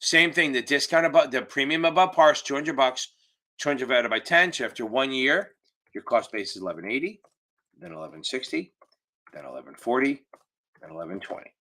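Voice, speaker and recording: Casting note: male finance tutor, bright tone, loose and profane, talking on a video call mic. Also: mid-range voice, animated, a little fast, gravelly. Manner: casual, profane, joking teacher. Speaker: exam tutor. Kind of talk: live online Q&A lesson. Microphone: computer mic on a video call.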